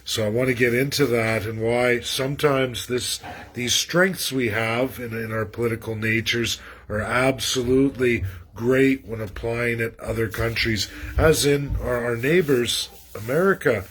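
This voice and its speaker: A man's voice: mid-range voice, steady tone, a little slow, a bit bright. A Canadian man from Alberta with an Albertan accent, talking in a rambling, earnest livestream monologue with many restarts and fillers. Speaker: livestream host. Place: outdoors in a rural area.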